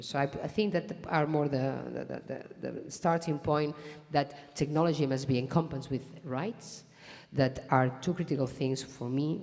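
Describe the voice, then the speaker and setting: Very deep-voiced woman panelist. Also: gravelly, darkish tone. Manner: halting, repeats words. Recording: long reverb of a conference hall.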